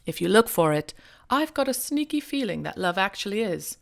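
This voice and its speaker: A woman's voice: medium pitch, very animated, normal speed, vocal fry. A woman reading a British male prime minister's speech in a put-on British accent, as a hammy mock impression. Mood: earnest.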